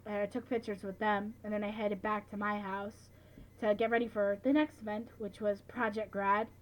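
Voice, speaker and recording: A woman's voice: mid-range voice, flat delivery, moderate pace, low-quality recording. A teenage girl recapping events in a casual vlog, chatty and full of filler words like "like" and "you know". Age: late teens. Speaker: vlogger.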